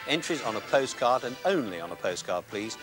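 Sardonic British film reviewer. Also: male voice, medium pitch, very animated, a little fast, over music. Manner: dry, sardonic wit. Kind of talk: scripted film review presenting.

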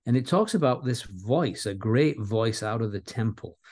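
A man preaching an expository Bible sermon, earnest and deliberate, repeating key words and slowing down for emphasis. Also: fairly low pitch, expressive, a little mellow.

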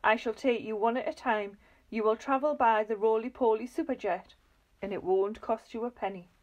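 A woman's voice: on the high side, normal speed, highs cut off, close to an everyday voice. A woman doing a friendly, reassuring bird.

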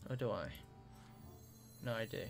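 A man's voice: lowish voice, measured pace, gravelly. Man thinking aloud over game music. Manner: relaxed, thinking aloud while playing. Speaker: gameplay commentator. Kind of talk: casual game commentary.

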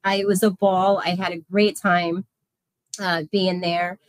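A woman's voice: lowish voice, level tone, a little slow, dry recording. A woman in her thirties hosting a casual livestream, effusively thanking viewers by name. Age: 30s. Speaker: livestream host.

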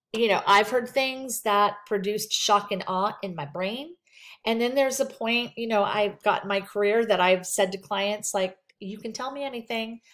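A woman teaching a counseling skills lecture, reading points off slides and adding casual asides from her practice. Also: mid-range voice. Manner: conversational, talks through slides with asides. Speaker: counseling instructor.

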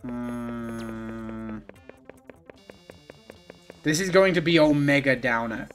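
A man at medium pitch streaming a video game, reacting out loud as he plays. He swears freely and lurches between low muttering and sudden loud outbursts. Quiet game music plays underneath. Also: very slow. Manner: excitable, profane, swings from mumbling to yelling. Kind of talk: live gaming commentary.

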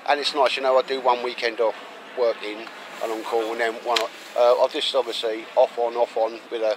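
A middle-aged man chats casually with a friend outdoors in woodland, rambling and calling people mate. His mid-range voice stays level and a little fast, with some background noise.

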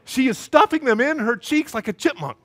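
A male pastor preaching a sermon, telling stories in a lively way and acting out the voices of the people in them. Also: very high voice, a little fast. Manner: lively storytelling, acts out voices.

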